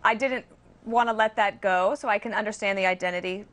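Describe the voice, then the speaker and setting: A woman's voice: medium pitch, fairly even intonation, a little fast, fairly bright tone. A woman guest on a late-night panel, speaking in a thoughtful, hesitant way in a TV studio. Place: television studio.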